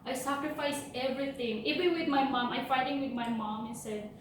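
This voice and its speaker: Woman, high voice, earnest motivational talk, distant mic, faint background noise. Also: steady tone, brisk. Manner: earnest, heartfelt. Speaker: motivational speaker. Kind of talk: personal storytelling speech. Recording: echoey room from far off, faint noise.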